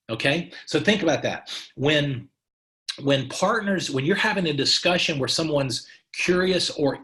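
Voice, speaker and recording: A man's voice: on the high side, pushed and bright. A middle-aged man, a company president, giving a motivational sales training talk, emphatic and repetitive, with many restarts and a coaching tone.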